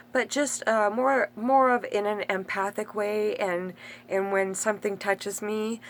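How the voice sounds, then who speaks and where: A woman's voice: mid-range voice, a little hiss or hum. A woman acting as a spiritual teacher, talking in a meandering, self-interrupting way in a casual spiritual monologue with open emotion.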